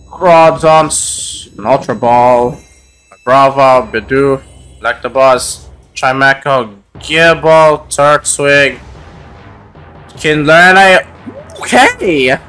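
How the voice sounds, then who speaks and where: Brief: young-sounding man, casual card-opening vlog, slow drawn-out delivery, rambling with lots of "like", faint music underneath. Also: mid-range voice, a bit bright, clear, resonant tone. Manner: rambling, many "like" fillers, naming cards aloud. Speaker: YouTuber opening trading cards.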